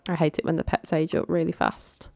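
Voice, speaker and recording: A woman's voice: low-pitched, level tone, brisk, vocal fry, darkish tone, no echo, faint music behind. A young woman casually commenting on a life-simulation game, chatty and coaxing her characters along. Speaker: gaming channel host.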